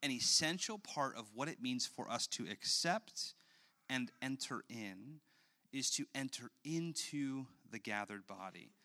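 A man in his thirties, a pastor, preaching a sermon and telling an animated story about his young daughter. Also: medium pitch, a little slow.

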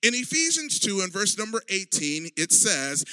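A man from Liberia preaching a sermon, with dramatic swells, drawn-out emphasis and rising shouts. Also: high voice, sing-song, clear, resonant tone, no room sound. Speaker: pastor.

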